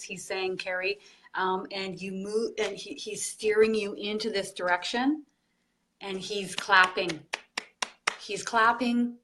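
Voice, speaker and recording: A woman hosting a live online group, relaying channeled messages slowly and softly. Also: medium pitch. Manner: slow, soft, relaying spirit messages. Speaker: psychic medium, group host.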